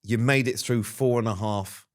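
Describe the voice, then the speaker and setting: A man's voice: medium pitch, normal speed. A man hosting a podcast, casually recapping events and prompting his guest. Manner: relaxed prompting, recaps events, laughs along. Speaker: podcast host. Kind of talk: casual chat. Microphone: studio microphone.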